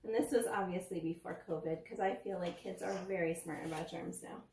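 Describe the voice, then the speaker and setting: A woman's voice: lowish voice, fairly quick, vocal fry, a little mellow, slight background noise. A woman teaching children about teeth in a chatty, explaining way, as a storytime and science demo. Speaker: children's dental educator. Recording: roomy, from a distance.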